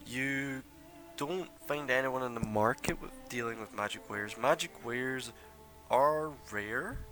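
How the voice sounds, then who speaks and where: A man's voice: medium pitch, slow pace, pushed and bright, soft background music. A young man narrating as game master of a tabletop game, loose and full of fillers.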